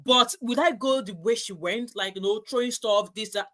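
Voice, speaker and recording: A woman's voice: mid-range voice, moderate pace, fairly bright tone. A woman hosting a casual panel chat, emphatic and repeating herself. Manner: emphatic, repeats herself, rises when stirred. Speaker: host.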